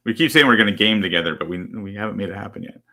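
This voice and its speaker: A man co-hosting a casual chat, easygoing and trailing off softly at times. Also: lowish voice, expressive, racing. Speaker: podcast co-host.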